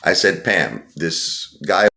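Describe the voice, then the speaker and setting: A man's voice: low-pitched, sing-song, takes it slowly, creaky, sharp tone, echoey room. A man telling a long personal story in a rambling, defensive way, often repeating himself. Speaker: channel host telling a story. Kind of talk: casual storytelling monologue.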